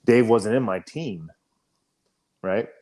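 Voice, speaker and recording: A man with a fairly low voice recounts a combat story on a casual podcast. He talks loosely and swears often, with plenty of "you know" and "um" between his points. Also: slow. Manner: profane, animated storytelling, frequent fillers. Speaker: podcast co-host, army veteran.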